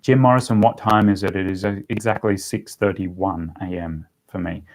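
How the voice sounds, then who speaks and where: A man's voice: low-pitched, moderate pace. A young man casually chatting on a livestream and answering viewer questions, rambling with lots of ums. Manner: relaxed, rambling, with frequent ums and laughs. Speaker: language-learning YouTuber answering live chat.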